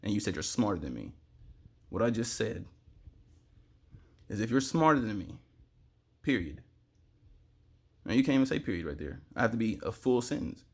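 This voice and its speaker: A young man in a fast, excitable, rambling spiritual monologue to camera, sweating in the heat and breaking into sudden loud outbursts. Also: fairly low pitch, slightly rough.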